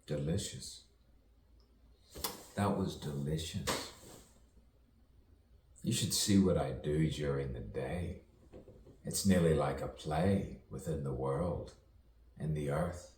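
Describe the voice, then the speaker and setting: A man with a very deep voice talking slowly through a playful, free-associating spoken-word monologue, rhyming as he rambles. He sounds set back from the microphone in an echoey room with faint ambience behind him. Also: a little mellow, slight background noise. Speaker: self-styled poet and performer. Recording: roomy echo, distant from the mic, faint ambience.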